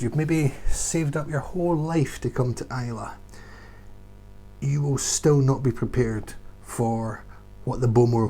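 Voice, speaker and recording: Standing beside a shelf at home, a man who guides whisky tours vlogs casually about the whiskies he loves. His mid-range voice has a dark tone, and his delivery is eager and emphatic.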